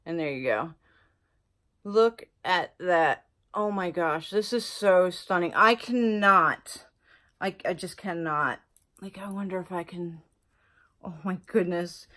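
A woman beauty vlogger chatting casually through an unboxing, gushing and exclaiming over the products. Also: lowish voice. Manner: gushing, excitable, lots of exclamations.

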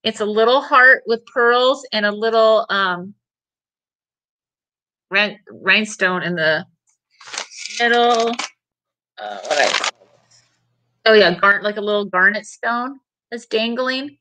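A woman's voice: medium pitch, animated, slow pace, pauses often, bright, forceful tone, poor audio. A middle-aged woman hosting a casual live sale of vintage items, chatty and rambling as she answers viewer comments and laughs often.

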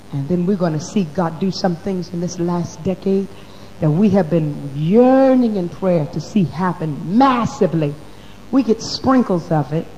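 A woman preaching a sermon to her congregation in church, dropping to a hush and then rising loud, calling her listeners baby and honey. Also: lowish voice, big-room sound, muffled recording. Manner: swoops from hushed to loud. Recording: faint hum on an old recording.

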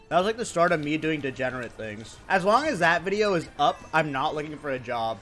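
An excitable young man from India chats with his stream viewers while he plays. His voice sits high and swings widely, jumping from bursts of shouting to mutters. He jokes and swears freely. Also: brisk, faint music behind. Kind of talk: casual livestream chat.

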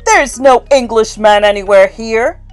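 A woman's voice: fairly high pitch, a little slow, soft background music, close to an everyday voice. A woman reading a storybook aloud and voicing the kind wife of a giant, who speaks in urgent exclamations. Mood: dismissive.

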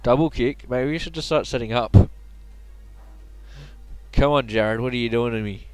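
A man's voice: mid-range voice, normal speed, faint music behind. A man giving casual, joking let's play commentary, chatty and muttering to himself.

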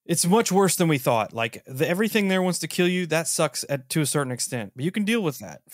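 A man hosting a podcast in casual chat, teasing and incredulous, with lots of animated reactions. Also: on the high side, quick pace, no echo, studio quality. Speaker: podcast host.

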